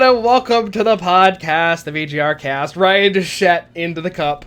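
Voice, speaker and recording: A man's voice: high-pitched, normal speed, fairly bright tone, smooth. A young man hosting a casual group podcast, joking, swearing and laughing often. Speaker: podcast host.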